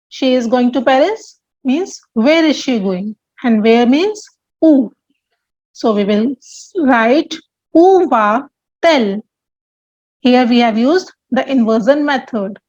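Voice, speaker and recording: Slow, high-voiced woman teaching French. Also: a little mellow, dull audio. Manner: slow, deliberate, repeats example sentences. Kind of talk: explaining grammar to learners.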